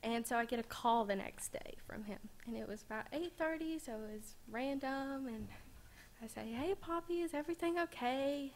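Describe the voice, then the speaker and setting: A woman's voice: a little high, moderate pace. A sixteen-year-old girl giving an emotional speech at a school board meeting, fighting back tears. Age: teens. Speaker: student speaker.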